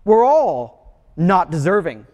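High-voiced man preaching in a reverberant hall. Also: big pitch swings, slow, a little mellow, highs cut off. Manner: conversational storytelling preaching. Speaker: pastor. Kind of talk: sermon.

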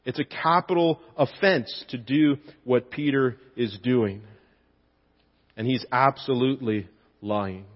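A man preaching a sermon with lively, expressive delivery, his voice rising when he acts out quoted lines. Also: fairly high pitch, slightly rough. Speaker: pastor. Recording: dull sound with long hall reverb.

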